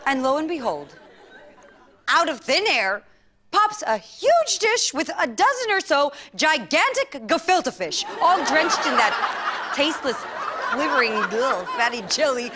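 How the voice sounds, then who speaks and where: A woman performing a comic story in a theatrical, animated way, with laughing asides. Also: sits high, measured pace, over a noisy crowd.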